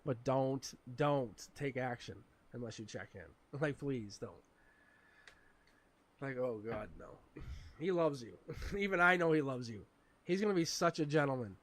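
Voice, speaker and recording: A man with a raspy voice, chatting and laughing often as he gives tarot readings on a live stream. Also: mid-range voice, moderate pace. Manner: chatty and animated, laughs often, talks to chat. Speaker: tarot reader.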